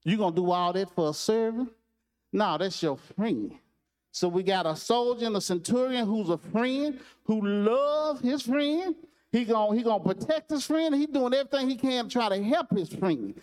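A man's voice: sits high, expressive, moderate pace, darkish tone. A man preaching a sermon in a conversational storytelling style, repeating phrases and addressing listeners directly.

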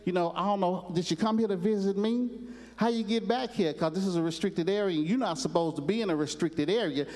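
A wide-eyed young recruit gushes questions one after another, as a preacher puts him on. The voice sits high and runs fast. A long hall echo trails behind every word. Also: male voice, animated, darkish tone. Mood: excited. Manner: rapid, high-pitched, fussing questions. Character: excitable, naive young male marine recruit.

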